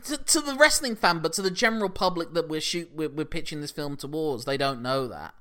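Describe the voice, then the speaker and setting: Man co-hosting, lively and bright, slightly high voice. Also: fairly quick. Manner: animated, acts out scenes, swears. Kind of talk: casual chat.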